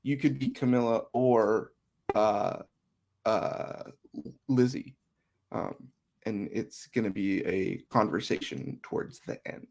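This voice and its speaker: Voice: medium pitch, slow, creaky, darkish tone. A player in a tabletop game chatting casually, rambling with many fillers and restarts. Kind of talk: casual chat between players.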